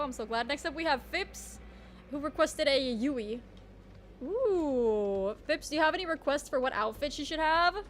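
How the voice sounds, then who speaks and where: A woman's voice: high voice, fairly bright tone, a little hiss or hum. A woman streamer chatting casually while she draws, self-mocking and full of trailing restarts. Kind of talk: casual live-stream chat while drawing.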